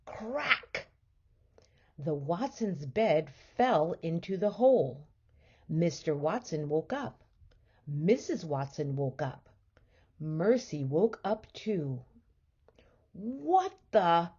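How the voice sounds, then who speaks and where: A woman teacher reading a children's storybook aloud in a gentle, expressive way. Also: low-pitched, slow pace, breathy edge, highs cut off.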